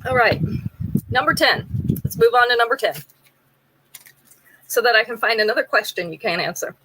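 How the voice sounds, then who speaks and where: A woman's voice: fairly high pitch, expressive, normal speed, a bit bright, slight background noise, poor audio. A woman hosting a live jewelry sale, chatting casually, describing pieces in detail and running a trivia game with viewers.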